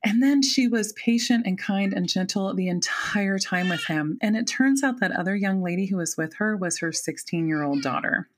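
Animated woman telling a personal story. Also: mid-range voice, moderate pace, hardly any pauses. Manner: animated, acts out her inner thoughts. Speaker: podcast guest.

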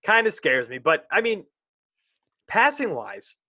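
A young man co-hosting a casual sports podcast, rambling and animated, often interrupting himself. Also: high voice, unhurried, dry recording.

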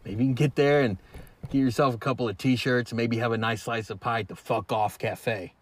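An actor as a surly rural gatekeeper, curt, threatening, sarcastic. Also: male voice, mid-range voice, fairly even intonation, fairly quick, natural voice. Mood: menacing. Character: hostile rural man warning strangers off.

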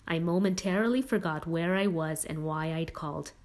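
Woman narrator, audiobook, steady and measured, slightly low pitch. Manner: steady, measured first-person reading.

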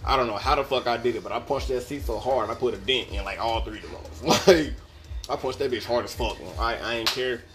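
A man's voice: medium pitch, brisk, music in the background. A young man, telling a podcast story in a casual, profane, laughing way. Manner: profane, laid-back, laughing asides. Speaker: podcast host.

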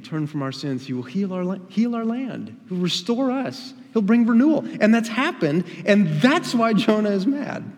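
Male pastor, emphatic sermon delivery, slightly high voice, long hall reverb. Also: a little mellow. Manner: emphatic, with rising and falling emphasis. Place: church sanctuary.

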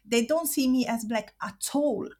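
Emotional woman, halting and near tears. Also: a little high, darkish tone. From Italy. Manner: halting, laughs through emotion, repeats herself. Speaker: interviewee. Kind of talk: emotional personal interview.

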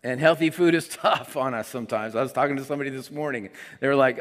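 A male pastor giving a conversational sermon, moving between quiet asides and emphatic declarations. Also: mid-range voice, fast, hardly any pauses. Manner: conversational preaching, swings between soft asides and emphatic lines. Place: church sanctuary. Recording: long hall reverb.

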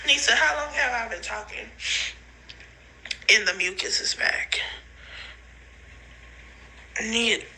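Lady leaving slow spacey voice notes on her phone, high and emotional, pitch all over the place, kinda high voice. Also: animated, pushed and bright, a little hiss or hum, poor audio. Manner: wandering, drifting thoughts, frequent laughs and sighs. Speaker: podcast host sending voice notes. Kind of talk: rambling voice-note monologue. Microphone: phone voice memo.

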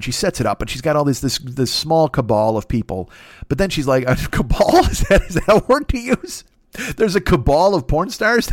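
A man's voice: high voice, dry recording, studio quality. A man doing a profane, rambling comic monologue as a podcast host, slipping into mocking voices. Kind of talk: crude comedic monologue.

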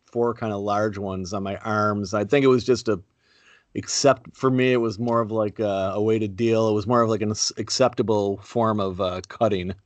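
A middle-aged man co-hosting a podcast, talking in a laid-back, halting, wry way. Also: fairly low pitch, steady tone, no room sound. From Buffalo, New York. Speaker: podcast co-host. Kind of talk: casual chat.

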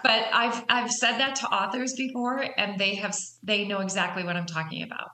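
A woman's voice: medium pitch, steady tone, brisk, pushed and bright. A woman author being interviewed, telling her story in an earnest, candid way. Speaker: author and guest. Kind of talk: conversational interview. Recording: roomy echo.

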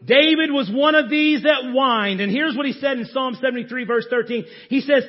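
A man preaching a sermon as pastor, animated, mocking the complainers he acts out. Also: extremely high pitch, moderate pace, dull audio. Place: church sanctuary.

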